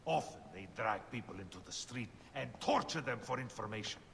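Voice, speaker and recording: A man's voice: medium pitch, lively intonation, a little fast, vocal fry, a bit bright. An actor playing a secretive young male scholar in hiding, speaking in an earnest, urgent way. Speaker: scholar, Aya's cousin. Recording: reverberant game audio with background noise.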